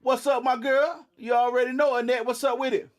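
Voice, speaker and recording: A young man with a drawl and a fairly high voice for a man hosts a relaxed livestream. He talks in a laid-back, drowsy way and greets viewers one after another. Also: a little fast. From eastern North Carolina. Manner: laid-back, repeats "you know what I'm saying". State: sleepy. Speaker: livestream host.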